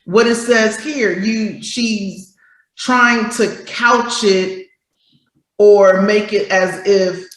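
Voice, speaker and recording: A woman co-hosting a casual talk show. She speaks at an unhurried, deliberate pace and reads passages aloud. Her voice carries a noticeable room echo. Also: mid-range voice, fairly even intonation. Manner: explains slowly, then acts out quoted voices. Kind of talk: casual chat, reading definitions aloud.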